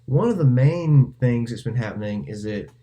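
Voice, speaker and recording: A man's voice: mid-range voice, expressive, normal speed, warm tone. A man co-hosting a casual podcast chat, rambling and correcting himself as he steers the talk back on topic. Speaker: podcast co-host.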